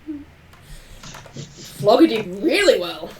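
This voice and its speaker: A woman's voice: medium pitch, sing-song, slow pace, a little mellow, reverberant. A woman joking around as a player in a tabletop game. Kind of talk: casual tabletop chat. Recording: distant mic, faint noise.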